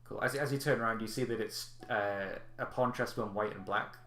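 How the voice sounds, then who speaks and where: In an echoey room, a man with a voice on the low side runs a tabletop game as game master. His narration is relaxed but halting, peppered with fillers.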